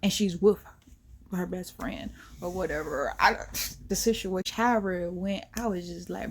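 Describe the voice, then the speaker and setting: Husky woman telling a slangy story. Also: fairly low pitch, normal speed. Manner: animated and slangy, dropping into whispered asides. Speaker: vlogger. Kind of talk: casual storytime.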